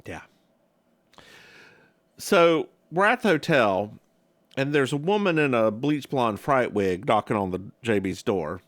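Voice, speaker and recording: A man's voice: medium pitch, lively intonation, a little slow, long pauses, a bit bright, no echo. A man co-hosting a podcast, recapping a TV episode in a campy, gossipy chat. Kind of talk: casual chat.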